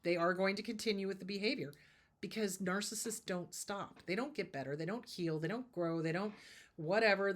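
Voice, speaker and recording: A woman therapist talks to her audience in a casual advice style. She repeats her points for emphasis and drives each one home. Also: medium pitch. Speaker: therapist and show host.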